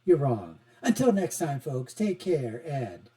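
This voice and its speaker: A middle-aged man hosting an online political commentary show, sarcastic and animated, with chuckling asides. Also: on the high side, slow pace. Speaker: host.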